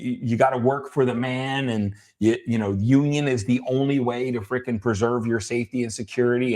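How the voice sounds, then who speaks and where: A middle-aged man co-hosting a talk, telling his childhood story in a halting way with many restarts, at times emotional. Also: medium pitch, darkish tone. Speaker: podcast co-host. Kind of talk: personal storytelling conversation.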